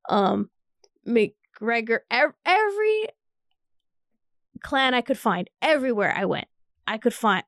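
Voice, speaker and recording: Tipsy young woman, high voice, animated storyteller who swears casually. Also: no room sound, clean studio sound. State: tipsy from vodka shots.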